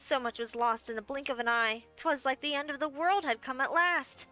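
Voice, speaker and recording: Momodi, a brassy tiny guildmaster. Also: female voice, sits high, fairly even intonation, moderate pace, sharp tone, faint music behind. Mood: welcoming. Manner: wry, folksy storyteller. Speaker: game character. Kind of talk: game voice acting.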